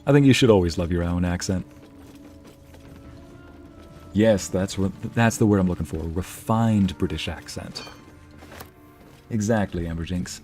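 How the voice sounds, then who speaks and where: A man's voice: deep voice, unhurried, long pauses, darkish tone, soft background music. A man streaming a game, chatting casually and musing aloud as he reads out messages from his chat.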